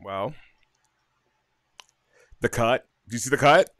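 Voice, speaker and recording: A man co-hosting a casual podcast chat over a video call, sassy, excitable and swearing freely. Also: medium pitch, slow pace, no echo, studio quality. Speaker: podcast co-host. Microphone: computer microphone on a video call.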